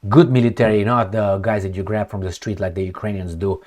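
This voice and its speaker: A man's voice: lowish voice, fairly even intonation, a little fast, a little mellow. A middle-aged man from Romania, giving blunt, sardonic, unscripted commentary on news headlines. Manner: blunt and sardonic, storytelling asides. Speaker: political commentator.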